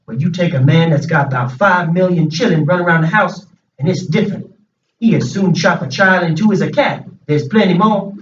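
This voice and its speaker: Guy reading out a stubborn folksy man, kinda high voice, far off and muffled. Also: fairly quick, close to an everyday voice. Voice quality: rustic dialect speech, plain reading voice. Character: stubborn grown man, folksy and sure of himself. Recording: distant, echoey, dull room recording.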